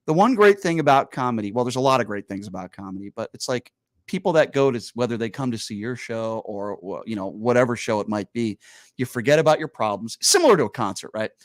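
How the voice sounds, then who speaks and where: A man hosting a radio show in the studio, telling a story in a lively, animated way and acting out the people he quotes. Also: mid-range voice, fast talker, no echo. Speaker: radio host. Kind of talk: casual studio chat, storytelling.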